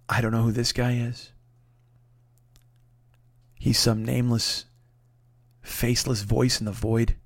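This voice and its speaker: A man telling a comic story casually, profane and animated, dropping low to retell a moment then rising in exasperation. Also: slow, pauses often, no room sound. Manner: profane, animated, swings between hushed retelling and loud exasperation. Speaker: comedian storyteller.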